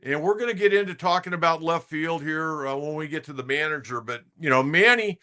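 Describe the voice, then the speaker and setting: A man's voice: on the high side, a little fast, pushed and bright. A man hosting a sports talk podcast, who talks bluntly and conversationally and repeats himself for emphasis. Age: older.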